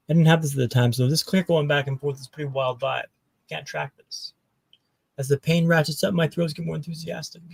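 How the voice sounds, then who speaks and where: A man's voice: a little high, vocal fry, a little mellow, no room sound. A man, a podcast guest and keynote speaker, telling a dramatic personal story in short punchy phrases with dry humor over a video call.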